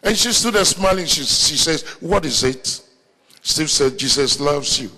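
A man with an African accent preaching a sermon as pastor, telling stories with animation and breaking into shouts. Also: fairly high pitch, lively intonation, unhurried, big-room sound. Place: large church hall, live meeting.

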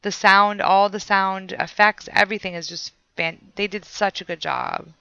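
A woman's voice: medium pitch, normal speed, vocal fry, sharp tone, clear, resonant tone, no echo, lo-fi sound. A woman streamer playing a horror game, chatting with her viewers and reading the notes she finds aloud. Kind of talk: casual let's play commentary.

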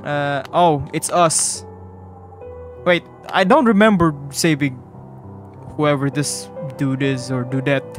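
A man chatting through a game session in a relaxed, rambling way, losing his train of thought and laughing at himself. His voice sits slightly high for a man and he takes his time. Game music plays clearly behind him. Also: slow, long pauses. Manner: rambling, easily distracted, laughing asides. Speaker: gamer. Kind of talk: casual let's-play commentary.

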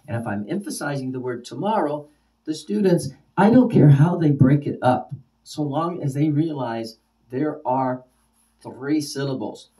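Mellow-voiced male teacher, slightly distant. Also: medium pitch, animated. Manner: repeats example words slowly with varied stress. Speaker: ESL teacher. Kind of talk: spoken lesson for teachers.

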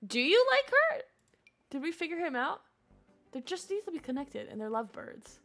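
A young woman talks through her game live, her high voice swinging widely in pitch. She flips between loud exasperated outbursts and quiet muttered asides. Her tone stays bright and clear throughout. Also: normal speed. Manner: excitable, shifts between yelling at characters and muttering asides. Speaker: game streamer. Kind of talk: live gameplay commentary.

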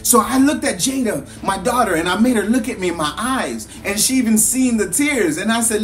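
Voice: mid-range voice, lively intonation, brisk, hardly any pauses, soft background music. A parent giving an earnest motivational talk, repeating phrases with a preaching cadence and telling a story to make a point. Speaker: motivational speaker.

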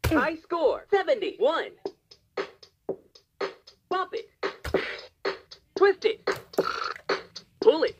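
A woman's voice: high voice, big pitch swings, drawn-out words, long pauses, music in the background, full character voice. A woman voicing a talking toy game announcer that calls out short commands and scores. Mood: announcing.

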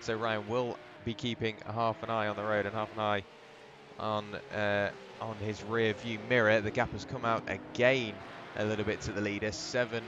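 A man calls a sim race in a steady, conversational way and keeps the play-by-play flowing. A clear noise bed runs under his voice. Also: on the low side, normal speed, lo-fi sound. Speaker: lead commentator. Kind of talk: sim racing commentary.

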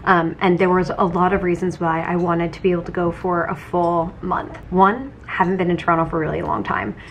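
A woman's voice: fairly low pitch, fairly even intonation, a little fast, creaky, a little hiss or hum. Tired, chatty young woman vlogging. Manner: chatty, lots of "like" and "um". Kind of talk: casual vlog chat.

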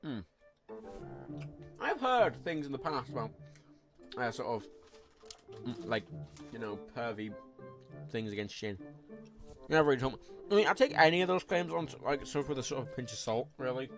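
A man's voice: medium pitch, very animated, moderate pace, long pauses, fairly bright tone, faint music behind. Sweary rambling male game streamer. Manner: rambling, frank and sweary, reading chat aloud. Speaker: livestreamer. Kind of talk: live gameplay commentary.

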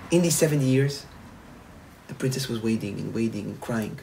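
A man, a rabbi, telling a parable in a sermon, animated, repeating phrases and restarting often. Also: mid-range voice, normal speed, gravelly, slight background noise, poor audio. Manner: animated, repetitive, frequent restarts. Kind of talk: storytelling sermon.

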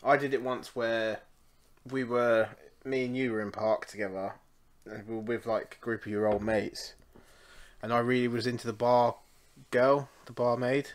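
A young man chats casually and laughs easily. His voice sits at an ordinary pitch, and he swears freely as he tells his own stories. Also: little pitch movement, moderate pace. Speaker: podcast co-host. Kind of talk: casual chat.

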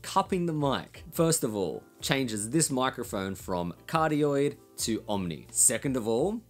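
A man's voice: mid-range voice, expressive, measured pace, soft background music. An Australian man with a nasal voice, explaining recording gear in a blunt, casual way and swearing now and then. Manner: blunt, swears casually, laughs between points. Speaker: recording studio educator.

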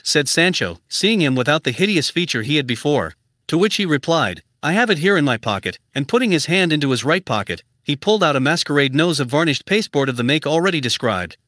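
A man reading a classic novel aloud as an audiobook narrator, in an even, measured way that keeps the dialogue close to his narrating voice. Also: on the high side, no echo. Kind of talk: scripted narration.

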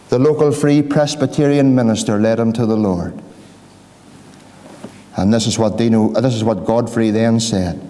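A middle-aged man with a Northern Irish accent preaching an evangelistic sermon, pleading and impassioned, dropping to hushed questions. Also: medium pitch, slight background noise. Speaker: pastor. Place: church hall. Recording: long hall reverb.

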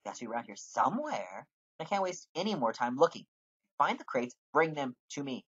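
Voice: mid-range voice, big pitch swings, brisk, a bit bright, slightly rough, dull audio. A gamer voicing an angry, blustering male cargo manager who barks curt orders. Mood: irritated. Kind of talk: reading game dialogue aloud.

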